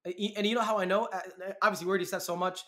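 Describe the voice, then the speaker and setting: A man co-hosting a casual podcast chat speaks in a high-pitched, bright, forceful voice with a steady tone, racing along. He is heated and mocking, telling stories with lots of animation.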